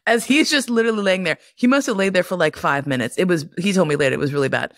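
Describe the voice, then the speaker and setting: A middle-aged woman hosts a podcast, telling stories casually in a lowish, fairly bright voice and talking fast. She swears freely and keeps breaking into laughter as the stories unfold.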